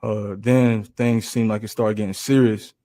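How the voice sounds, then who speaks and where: A young man testifying in court, hesitant and halting, with many restarts. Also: fairly low pitch, little pitch movement, dark tone. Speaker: trial witness.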